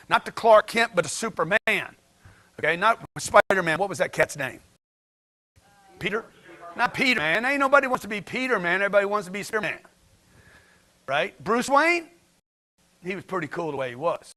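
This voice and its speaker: A man's voice: sits high, pushed and bright. A man giving a blunt, slangy motivational talk to a livestream chat, firing rhetorical questions at his audience. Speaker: motivational speaker.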